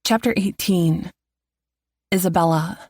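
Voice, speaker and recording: A woman reading a first-person audiobook in an even, intimate way. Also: lowish voice, unhurried, no echo, clean studio sound. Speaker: audiobook narrator.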